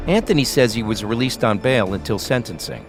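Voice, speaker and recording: Guy narrating a true-crime style podcast, lowish voice but really expressive, soft music under it. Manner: measured documentary storytelling. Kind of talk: scripted narration.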